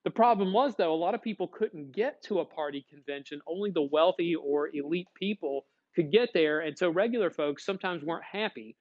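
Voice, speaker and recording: A man teaching a classroom lecture, lively, acting out short dialogues as he explains. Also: a little high, fairly quick, hardly any pauses, muffled recording. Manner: animated, acts out little dialogues.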